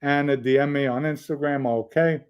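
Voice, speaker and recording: This livestream host, a middle-aged man, speaks at normal speed in a medium-pitched, steady voice that is clear, resonant, and a little mellow. He reads out viewer comments, trades jokes with chat, and wanders through long stories.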